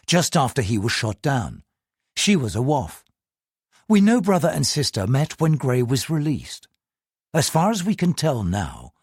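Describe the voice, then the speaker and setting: A man reads a calm, secretive police chief, measured and deferential. The voice is a little husky and very dry. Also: a little high, no room sound, heavily acted.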